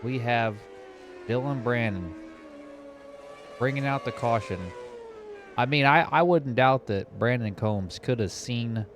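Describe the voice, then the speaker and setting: A man commentating an online sim race he is driving in, narrating the action in casual, excitable chat. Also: medium pitch, a little slow, pauses often, noisy background. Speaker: sim racing commentator and driver.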